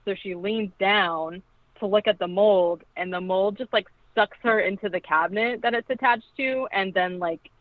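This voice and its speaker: A woman's voice: mid-range voice, normal speed, no room sound. A woman casually recapping a film as a podcast co-host, chatty and full of "like", acting out the quoted lines. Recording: tinny phone-like line, dry.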